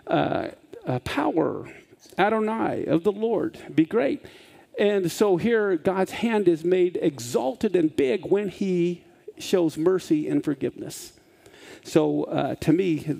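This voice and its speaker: A man with a mellow, gravelly voice teaches a Bible lesson on a Hebrew letter. He talks in a reflective way and keeps asking his listeners "okay?" as he goes. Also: sits high, expressive, a little slow.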